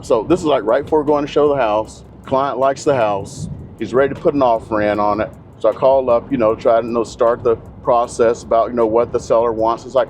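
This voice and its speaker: A man's voice: medium pitch, steady tone, fairly quick, hardly any pauses, darkish tone, soft background music. A middle-aged man talking in a car, blunt, opinionated and rambling, a real estate agent hosting his own channel. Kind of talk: casual monologue to camera.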